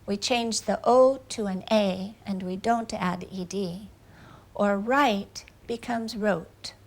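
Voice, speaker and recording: Female English teacher, mid pitch, unhurried deliberate delivery. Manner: slow, careful explanation with clear example sentences. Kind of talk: video lesson.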